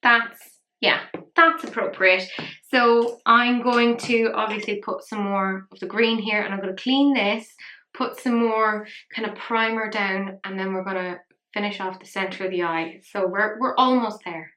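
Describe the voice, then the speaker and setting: Woman vlogger, chatty and self-deprecating, mid-pitched voice in a roomy space. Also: fairly even intonation, measured pace, pushed and bright. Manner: chatty, self-mocking, rambling asides. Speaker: makeup vlogger. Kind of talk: casual makeup tutorial chat. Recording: roomy echo.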